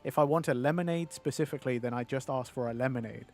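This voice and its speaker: A man's voice: medium pitch, fast talker, a little mellow. A male streamer chatting casually on a livestream, reading viewer messages aloud and answering them.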